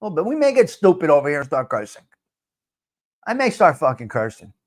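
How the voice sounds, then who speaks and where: A man's voice: fairly high pitch, very animated, fast. A man hosting a live stream, answering viewer comments in a blunt, profane, repetitive rant. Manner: blunt and fired up. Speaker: live-stream show host.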